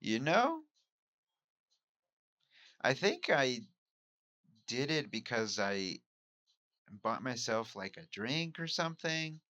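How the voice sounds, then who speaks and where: In a solo monologue about his week, a Mexican podcast host who also does amateur stand-up turns thoughtful and candid, questioning himself as he muses. He speaks slowly in a very animated, mid-range, sharp-toned voice, with long pauses. The recording is dry.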